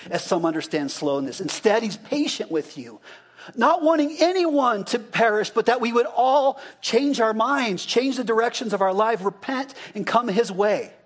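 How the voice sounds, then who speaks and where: A male pastor giving an interactive sermon, talking casually and asking the congregation questions, then repeating their answers back. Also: high voice.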